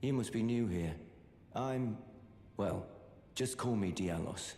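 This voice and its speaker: A polite young nobleman from a video game, formal and courteous, with a somewhat low voice. The sound is roomy and carries a long reverb. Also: slow pace, darkish tone. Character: polite young male noble missing his servant.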